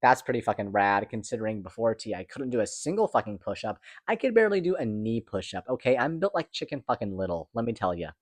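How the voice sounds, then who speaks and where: A young man talking fast and candidly in a casual personal vlog, swearing now and then, recorded at home. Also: lowish voice, big pitch swings, no echo. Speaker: vlogger.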